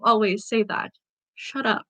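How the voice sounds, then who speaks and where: An injured, stubborn boy wizard, voiced by a woman reading a storybook aloud, talking low and strained through the pain. The tone stays bright even when pushed down. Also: unhurried, heavily acted.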